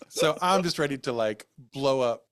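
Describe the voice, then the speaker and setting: A man hosting a podcast, telling a story in a casual, comedic way, animated and laughing often. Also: medium pitch, moderate pace, clear, resonant tone. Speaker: podcast host.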